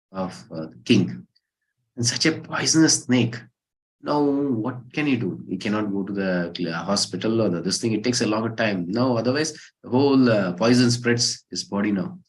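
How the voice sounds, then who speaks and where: A man teaching a scripture class, telling a parable with lively rhetorical questions. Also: on the low side, poor audio. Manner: animated storytelling, rhetorical questions. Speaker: spiritual teacher.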